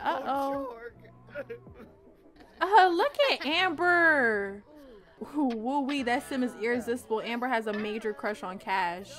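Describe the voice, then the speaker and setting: Woman, twenties, high voice, excitable, slangy, swears a lot, casual gameplay commentary. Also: unhurried, pauses often. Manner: playful, excitable, slangy and profane. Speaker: gaming channel host. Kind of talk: casual let's-play commentary.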